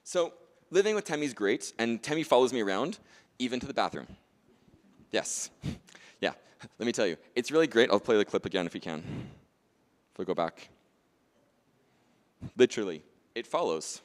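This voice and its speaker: A man's voice: medium pitch, big pitch swings, normal speed, long pauses, long reverb tail. A man presenting a demonstration workshop at a conference, chatty and jokey, often checking in with "right?" and "okay?". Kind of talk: lively conference demonstration talk.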